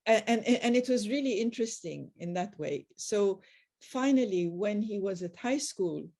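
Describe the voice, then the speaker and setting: A woman's voice: medium pitch, animated, normal speed, dark tone. An older woman telling family anecdotes on a group video call, often quoting past conversations. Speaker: guest.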